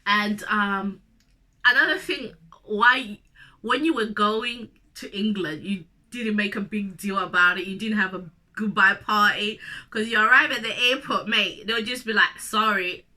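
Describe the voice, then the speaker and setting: A woman's voice: medium pitch, measured pace, pushed and bright. A young woman from Zimbabwe with a cold, telling a personal story to camera in a chatty, emotional way. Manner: chatty and emotional, addresses viewer directly. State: has a cold. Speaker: vlogger.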